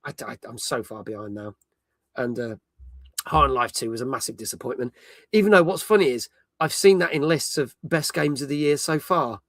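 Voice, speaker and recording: A man's voice: medium pitch, brisk, fairly bright tone, dry recording, clean studio sound. A middle-aged man hosting a casual gaming chat, reading out viewer comments and swearing freely. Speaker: host.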